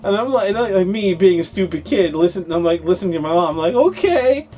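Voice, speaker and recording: Guy telling a funny story, higher voice, all over the place pitch-wise, faint music behind. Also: fast talker. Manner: animated, acts out his younger self with laughs. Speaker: co-host of an English-learning talk show. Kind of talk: casual storytelling chat.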